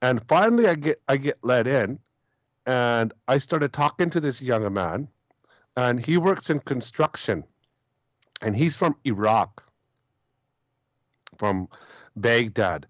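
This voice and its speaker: A man's voice: mid-range voice, animated, takes it slowly, long pauses, no room sound, dull audio. A man calling in to a talk show, telling a long story and repeating his words as he goes. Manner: rambling, repeats himself, quotes others. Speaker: caller.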